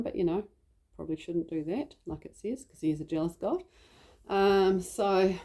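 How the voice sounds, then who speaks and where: Rambling mother, mellow low voice. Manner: rambling, many fillers and side stories. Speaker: mother telling a personal story. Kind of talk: casual storytelling monologue.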